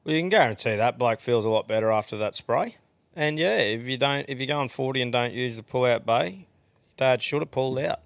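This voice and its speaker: Smooth-voiced Australian podcast host. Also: male voice, mid-range voice, fairly quick. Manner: laid-back, swearing, laughing banter. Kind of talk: casual chat.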